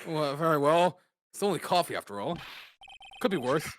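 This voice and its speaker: A man's voice: a little high, lively intonation, moderate pace, big-room sound, voice pushed down, lightly acted. A man voicing a flustered, easily rattled elderly male judge who exclaims often.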